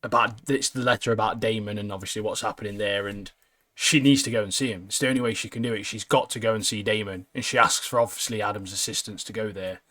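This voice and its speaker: A man's voice: lowish voice, steady tone, fast, sharp tone. A young man, co-hosting a podcast, chatting casually, laughing often and saying "mate" a lot. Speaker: podcast co-host. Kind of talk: casual chat.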